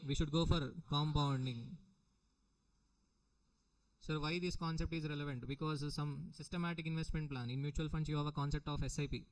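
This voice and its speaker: A middle-aged Indian English-accented man delivers a recorded exam-prep lecture. His voice sits on the higher side for a man. He repeats each point and keeps checking whether the students follow. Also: fairly even intonation, fast talker, few pauses, clear, resonant tone, poor audio. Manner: repetitive, questioning the students often. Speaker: teacher.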